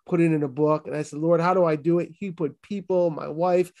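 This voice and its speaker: A man's voice: fairly high pitch, fairly even intonation, a little fast, a little mellow. A man in his fifties with a Boston accent, a pastor giving his testimony as an interview guest, earnest and emphatic, stumbling over restarts. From Massachusetts. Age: 50s. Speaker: pastor and author.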